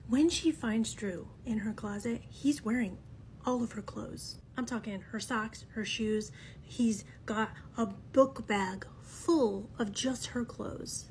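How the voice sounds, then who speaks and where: A woman telling a true creepy story in a casual, dramatic way, often dropping into hushed whispers and swearing freely. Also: a little high, takes it slowly, slight background noise.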